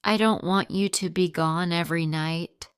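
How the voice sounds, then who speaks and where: A woman voicing a sad ten-year-old girl who pleads with her father, reading her lines slowly and plainly in a storybook. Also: lowish voice, fairly even intonation, clear, resonant tone, no echo, clean studio sound, lightly acted. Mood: pleading.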